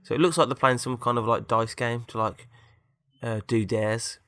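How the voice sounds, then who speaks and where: A man's voice: mid-range voice, steady tone, normal speed, fairly bright tone, no echo, studio quality. A man co-hosting a podcast, rambling through an improvised story in a chatty, meandering way. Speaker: podcast co-host.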